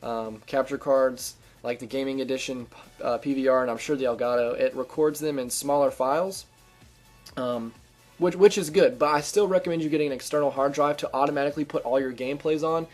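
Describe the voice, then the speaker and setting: A man's voice: mid-range voice, steady tone, brisk, soft background music. A man giving casual gameplay commentary as a gaming video host, chatty and upbeat with lots of ums and restarts. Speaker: gaming YouTuber giving channel tips.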